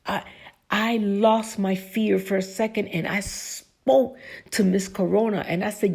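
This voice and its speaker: A woman's voice: mid-range voice, steady tone, unhurried, vocal fry, darkish tone. A woman hosting a podcast, speaking earnestly in a faith-based personal talk. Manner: earnest, testimonial, leans on religious phrases. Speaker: podcast host.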